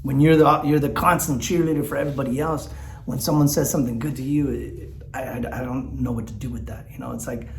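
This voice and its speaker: A man's voice: medium pitch, steady tone, quick pace, gravelly, reverberant, slight background noise. A man talks candidly in a personal vlog, teary and rambling, with lots of fillers and restarts. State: teary, choked up. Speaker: vlogger. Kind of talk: emotional personal vlog talk.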